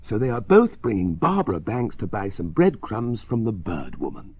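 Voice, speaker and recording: A man reading a children's story aloud in a very expressive, sing-song way. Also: fairly low pitch, normal speed, husky. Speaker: reader.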